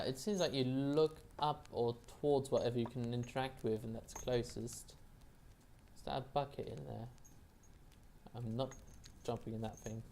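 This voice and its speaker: Very low-voiced woman gaming host. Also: darkish tone, a little hiss or hum. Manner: self-deprecating, chatty. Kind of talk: let's play commentary and reading aloud.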